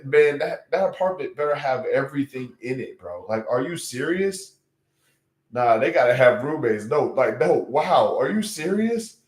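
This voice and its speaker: A young man with a slightly high voice hosts a livestream from an echoey room. He chats casually, sounding incredulous and exclamatory, and keeps repeating himself.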